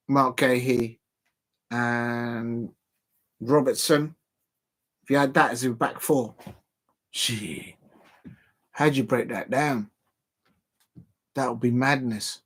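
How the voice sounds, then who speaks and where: A man hosting a football watch-along, chatting casually and giving opinionated predictions straight to his viewers. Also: medium pitch.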